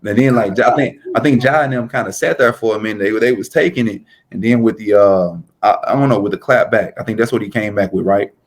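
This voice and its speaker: Laid-back man chatting casually. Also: fairly low pitch. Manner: relaxed, drawn-out storytelling with frequent "like". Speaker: podcast co-host. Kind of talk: casual chat.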